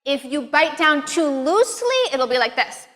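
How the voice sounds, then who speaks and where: A woman's voice: sits high, big pitch swings, moderate pace, fairly bright tone, big-room sound. A woman teaching pronunciation in an upbeat, encouraging way, demonstrating each step. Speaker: accent teacher. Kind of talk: pronunciation lesson.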